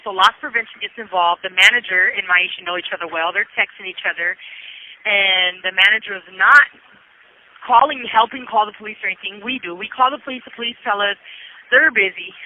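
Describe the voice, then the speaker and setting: A loud, animated woman in her thirties retells events as an interviewee calling from prison. Her voice comes through a thin, tinny phone line with the lows and highs cut away. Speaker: incarcerated interviewee. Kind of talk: storytelling over a prison phone call. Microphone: prison telephone.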